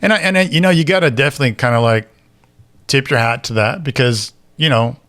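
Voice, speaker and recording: A man's voice: mid-range voice, fast. A man telling a story on a podcast in casual chat, acting out the voices of the people in it. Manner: animated storyteller, acts out quoted voices. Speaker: podcast co-host.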